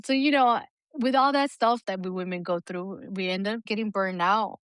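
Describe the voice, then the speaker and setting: A middle-aged woman talks frankly on her podcast, dropping curse words and laughing often. Her voice is recorded close and dry, with no room sound around it, and sits at an average pitch for a woman. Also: moderate pace, smooth, no room sound. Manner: blunt and profane, with frequent laughter. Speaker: podcast co-host. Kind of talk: casual podcast chat.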